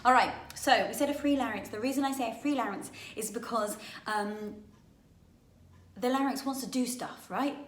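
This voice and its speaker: A woman vocal coach, chatting through a singing warm-up lesson and demonstrating the exercises as she goes. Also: on the high side, moderate pace, echoey room.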